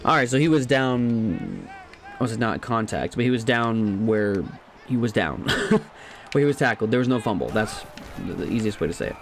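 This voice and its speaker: A man giving casual let's-play commentary on a football video game, chatty and thinking aloud, laughing at himself and jumping to loud shouts at big plays. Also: lowish voice, expressive, normal speed, a little hiss or hum. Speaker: gaming commentator.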